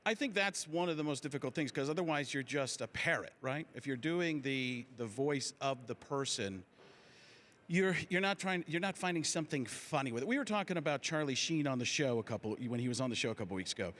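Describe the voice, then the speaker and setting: A man, a comedian guest in casual talk show chat, animated and slipping into voices mid-sentence. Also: mid-range voice, fairly quick.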